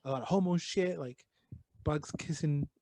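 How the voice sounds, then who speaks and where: A man co-hosting a casual podcast, rambling through his thoughts with plenty of swearing and the odd bit of Spanish slang. His voice sits a little high for a man, and the recording is close and dry. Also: normal speed, warm tone, no room sound. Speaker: podcast co-host. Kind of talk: casual chat.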